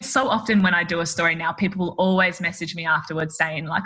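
A photographer appearing as a podcast guest talks candidly in a casual interview, her lowish voice bright and forceful. She speaks quickly with hardly any pauses, leaning on "like" and "you know" and poking fun at herself.

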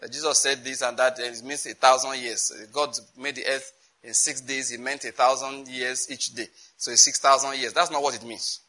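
A man's voice: medium pitch, low-quality recording. A man teaching a sermon on prayer, emphatic, often checking that listeners get his point. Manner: reads scripture slowly and loudly. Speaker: preacher.

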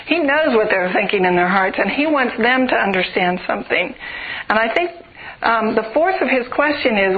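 A woman's voice: a little high, animated, moderate pace. A woman preaching a sermon, earnest and building through rhythmic repeated phrases. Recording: tinny phone-like radio broadcast.

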